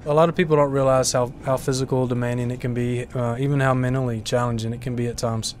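A college instructor, speaking earnestly with small hesitations. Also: male voice, medium pitch, level tone, quick pace, background noise.

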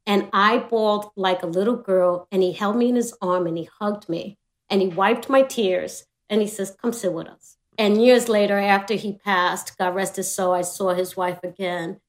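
A woman's voice: mid-range voice, fairly even intonation, normal speed. A middle-aged woman, a show guest, telling a story in casual chat, laughing and acting out the voices.

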